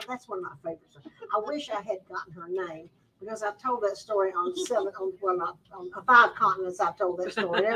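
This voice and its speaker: A woman's voice: medium pitch, sharp tone, far from the mic, poor audio. A woman, telling a funny story to a live audience at a store event and laughing through it. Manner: Southern-style folksy talk, laughing through her story.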